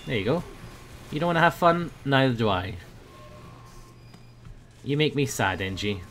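A young man giving playful commentary over a video game, breaking into loud high yells when the action heats up. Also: lively intonation, moderate pace, soft background music. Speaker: gaming video host. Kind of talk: casual gameplay commentary.

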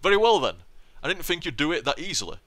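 A man's voice: fairly high pitch, sing-song, fast talker, bright, forceful tone, no room sound, voice pushed up. A young man reading the lines of a cold, commanding otherworldly male being from a game, in a formal, ominous manner. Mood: coldly commanding.

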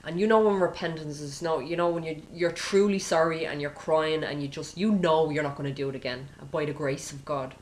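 A woman with a low voice preaches in a loose, conversational way, leaning on "you know" and checking in with "okay?". She slips into little acted prayers to make her points. A faint hum of room noise sits behind her. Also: steady tone, a little fast, hardly any pauses, rough recording. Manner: informal, peppered with "you know" and "okay?", acting out quoted prayers. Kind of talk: conversational sermon.

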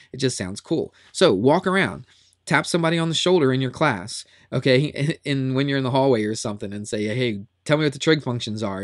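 A man's voice: mid-range voice, no room sound, clean studio sound. A man teaching a recorded math lesson in a chatty, upbeat way that often repeats itself.

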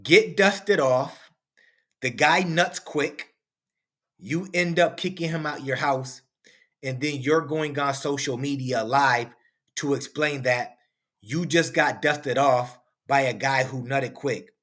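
A man's voice: medium pitch, takes it slowly, fairly bright tone. A man hosting a reaction commentary video, preaching and firing off rhetorical questions. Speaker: commentary channel host.

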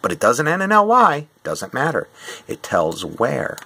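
Slow, patient male teacher. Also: medium pitch, wildly swooping pitch, gravelly, sharp tone, slight background noise. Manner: slow and patient, explaining step by step. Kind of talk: classroom quiz review.

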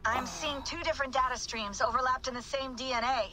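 An actress voicing a calm female technician in a video game, speaking briskly and matter-of-factly. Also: sits high, music in the background, close to an everyday voice. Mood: focused.

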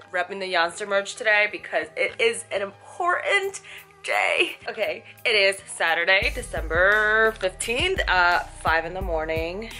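A young woman vlogging in a casual, giddy way, swinging from hushed asides to excited squeals. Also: mid-range voice, measured pace, faint music behind.

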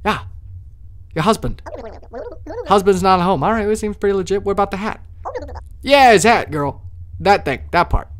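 A man doing live commentary on a horror game, joking and cursing as he talks to the characters at his door, swinging from loud mock cheer to muttered asides. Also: fairly high pitch, slight background noise. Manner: jokey, profane, talks to game characters as a doorman. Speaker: let's play streamer.

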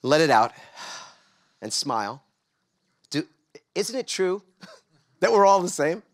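Animated middle-aged man addressing a crowd. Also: fairly high pitch, slow. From New York. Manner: energetic, engages audience with call-and-response questions. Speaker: keynote speaker. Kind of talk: motivational conference talk. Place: large conference stage before a live audience.

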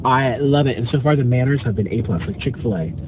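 A man's voice: mid-range voice, quick pace. Man, campy casual car vlog, chatty, mock-haughty, tinny phone sound, faint background hiss. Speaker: vlogger. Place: parked car in a drive-thru line. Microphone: phone camera.

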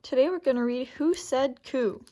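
A woman librarian reading a picture book aloud for children and then walking through a simple craft, in a gentle, unhurried story-time delivery. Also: high voice.

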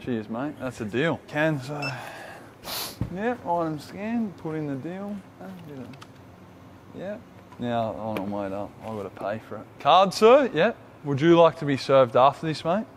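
A man's voice: a little high, very animated, a little slow, noisy background. Brash young Australian man vlogging. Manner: brash, joking, swears a lot. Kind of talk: casual vlog.

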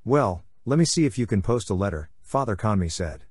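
A man narrating a literary novel as an audiobook reader, in a measured, even delivery. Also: on the low side, husky, no room sound, clean studio sound.

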